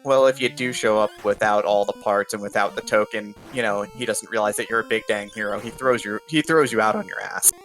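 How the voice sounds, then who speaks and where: A man's voice: fairly low pitch, steady tone, a little fast, hardly any pauses, fairly bright tone, faint music behind. A man commentating a video game tournament, upbeat and explaining the rules of the game to viewers. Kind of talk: esports play-by-play commentary.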